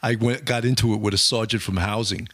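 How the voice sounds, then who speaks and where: A man's voice: lowish voice, fairly even intonation, a little fast, fairly bright tone, a little hiss or hum. A man, a former detective, chatting and trading stories about police work. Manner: conversational, chiming in, profane. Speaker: retired detective. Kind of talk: casual storytelling chat.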